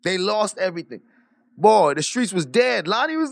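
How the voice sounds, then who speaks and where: A man's voice: high-pitched, sing-song, normal speed, gravelly. A man ranting boastfully on a live stream, swearing freely and laughing often. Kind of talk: casual livestream rant.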